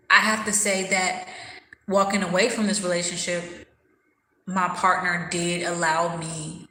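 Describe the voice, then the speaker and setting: A woman's voice: fairly low pitch, pushed and bright, echoey room, low-quality recording. A woman hosting a casual livestream, talking candidly and thoughtfully while she eats and answers viewers' comments. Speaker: livestream host.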